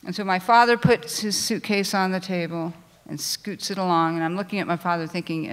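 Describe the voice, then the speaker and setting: A woman telling a personal story on stage at a live storytelling show, animated and self-deprecating, with frequent restarts. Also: fairly low pitch, fairly quick, smooth. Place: theater stage before a live audience.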